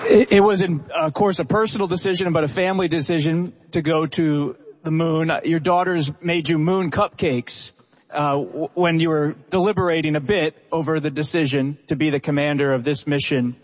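A man interviewing a guest, earnest and a little halting, speaking respectfully. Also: on the high side, fairly even intonation. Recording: dull sound with a long hall reverb.

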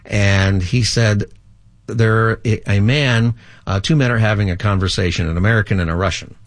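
A man's voice: lowish voice, normal speed, no echo. A man who hosts a radio call-in show as a pastor, explaining his views steadily to callers. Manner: steady, explanatory, reads out the phone number.

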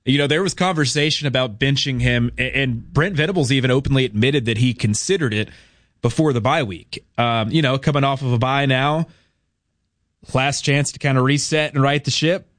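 A man's voice: medium pitch, brisk, fairly bright tone, dry recording. Man analyzing football on talk radio. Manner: thoughtful, conversational analysis. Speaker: radio co-host.

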